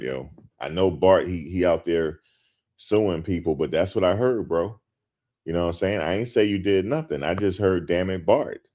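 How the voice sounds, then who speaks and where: A man's voice: sits low, a little mellow. A man hosting a show, talking casually and emphatically to his viewers, repeating his points with lots of slang. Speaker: host.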